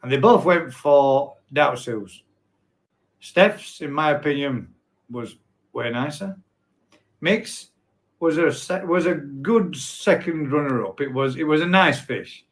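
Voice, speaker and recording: A man's voice: on the high side, expressive, slow. A man hosting a casual live stream, chatting and reading out viewer comments in a rambling, self-correcting way. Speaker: host.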